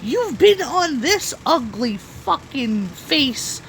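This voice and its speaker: A woman's voice: high-pitched, very animated, slow, fairly bright tone, a little hiss or hum, rough recording. A woman hosting a reaction video in casual, rambling commentary, talking to herself and swearing now and then. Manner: rambling, swears, talks to herself while browsing.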